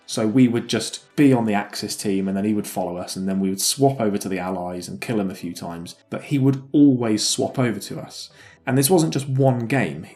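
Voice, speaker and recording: A man's voice: medium pitch, warm tone. A man hosting a gaming podcast, chatting casually and telling stories, often restarting sentences and swearing now and then. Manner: rambling, self-correcting, swearing, laughs at own stories. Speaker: podcast host. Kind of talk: casual storytelling chat.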